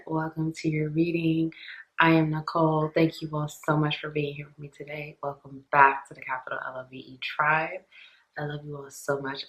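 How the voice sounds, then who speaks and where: A woman hosting a tarot reading, talking softly and earnestly to her viewers, often dropping near a whisper. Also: sits low, a little hiss or hum, low-quality recording. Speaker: tarot reader, channel host.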